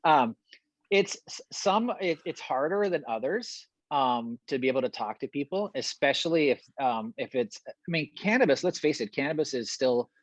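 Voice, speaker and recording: A middle-aged man, a guest in a casual podcast interview, telling stories with energy, often repeating words and laughing quickly. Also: medium pitch, dry recording, dull audio. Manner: animated storyteller, repeats himself, quick laughs.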